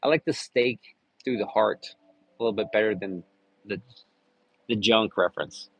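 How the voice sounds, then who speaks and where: A man's voice: lowish voice, moderate pace, a bit bright, husky, no room sound, poor audio. A man chatting casually on a live stream, rambling and joking with lots of cursing. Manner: crude, rambling, jokey with frequent cursing.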